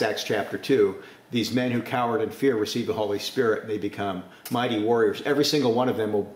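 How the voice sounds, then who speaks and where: A man preaching a sermon, forceful, with sudden rises to emphasis. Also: medium pitch, reverberant.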